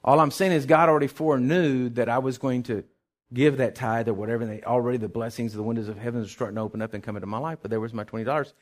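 A middle-aged pastor preaching a sermon, telling a personal story with acted-out quotes and sudden shouts. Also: male voice, medium pitch, steady tone, very fast.

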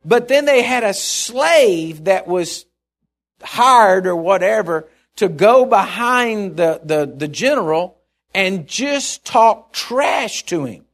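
A man's voice: sits high, expressive, slow pace. A middle-aged male pastor preaching a sermon, telling stories in a rambling, chuckling way with many restarts.

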